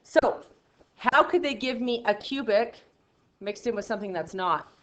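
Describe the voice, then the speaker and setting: A woman teaching a math class, counting steps out loud, trailing off quietly, and checking in with "right?". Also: fairly high pitch, normal speed. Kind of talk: classroom lecture. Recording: roomy classroom sound, slightly dull.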